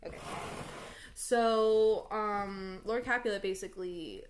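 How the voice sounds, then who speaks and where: A woman teacher walks through a play in a relaxed online lesson from home. Her speech is chatty and loose, full of "like" and "um". Her pitch sits in an ordinary middle range. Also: slow, a little hiss or hum. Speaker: English teacher.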